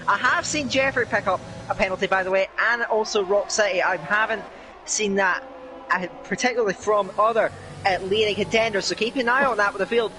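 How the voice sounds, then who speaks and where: A male race commentator with a strikingly high voice calls the action with excitable play-by-play. The stream audio is noisy, with a clear hiss under his voice. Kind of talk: live sim racing commentary.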